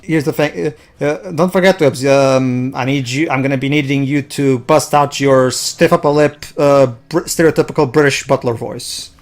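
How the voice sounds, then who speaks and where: A man's voice: medium pitch, normal speed, few pauses. Rambling man chatting over a game. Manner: rambling, restarts a lot, excitable. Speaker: let's play commentator. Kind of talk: casual gaming chat.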